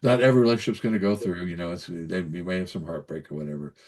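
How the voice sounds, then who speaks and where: A man's voice: deep voice, steady tone, rapid-fire, darkish tone. An older man, a pediatrician giving folksy, emphatic advice in a casual interview, often repeating himself and checking in with "okay?". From Kentucky. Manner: folksy, repetitive, emphatic with frequent "so anyways" and "okay?". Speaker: pediatrician guest.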